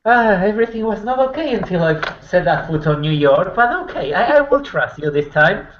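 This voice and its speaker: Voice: medium pitch, animated, brisk, a little hiss or hum. A tabletop role-play player speaking in character, stumbling over words with a wry edge. The sound is dull and lo-fi, like a voice chat. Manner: hesitant, stammering, wry.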